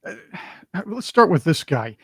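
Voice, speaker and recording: A man's voice: fairly high pitch, big pitch swings, unhurried, gravelly, fairly bright tone, slightly rough, no echo. A man co-hosting a political talk show, speaking in an emphatic, mocking way and often repeating his words. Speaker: co-host. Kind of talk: casual political chat.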